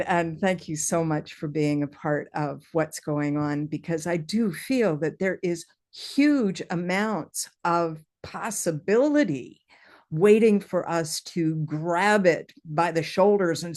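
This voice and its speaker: A woman's voice: fairly low pitch, a little mellow. A woman hosting an online meeting, enthusiastic, thanking people and inviting them to speak. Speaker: meeting host. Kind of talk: casual online meeting talk. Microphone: video call.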